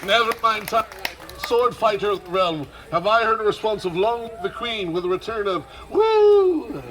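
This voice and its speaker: Background noise surrounds a man leading an outdoor festival crowd through live street theater. His voice is high-pitched and moderately paced, his manner commanding and showy, punctuated by dry, sarcastic asides.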